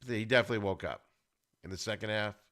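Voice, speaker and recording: A man hosting a podcast, giving an animated, ranting football recap with plenty of exclamations. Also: fairly low pitch, fast. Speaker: podcast host.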